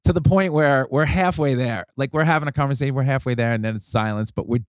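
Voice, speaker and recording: New man telling a lively story. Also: medium pitch, fast talker, smooth, no room sound, studio quality. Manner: animated anecdote teller with quoted voices. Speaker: podcast guest, comedian. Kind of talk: casual storytelling.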